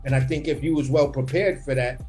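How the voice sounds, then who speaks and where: A man on a livestream video call, animated and opinionated, repeating words as he builds his point about boxing. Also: mid-range voice, brisk, soft background music. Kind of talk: casual boxing chat on a livestream.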